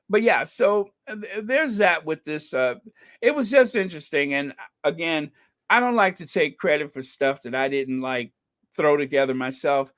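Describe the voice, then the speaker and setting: Slightly high and fairly bright, the male host's voice carries casual commentary on a live-streamed podcast. He talks with his audience, thanks people by name, and drops wry asides while laughing.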